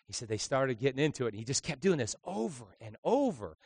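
A man preaching a sermon, telling a story and building his delivery to loud, shouted crescendos. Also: medium pitch, sing-song, fast talker, creaky, slightly rough, dry recording.

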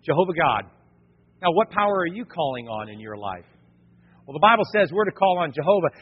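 Husky-voiced pastor preaching in a hall. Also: male voice, sits high. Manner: lively preaching with casual slang and acted-out quotes. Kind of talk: sermon. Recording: reverberant, dull lo-fi sound.

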